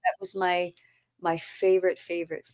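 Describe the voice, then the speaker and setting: Animated woman from Canada, lowish voice. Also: moderate pace. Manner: animated, playful storyteller. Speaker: guest. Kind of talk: casual chat.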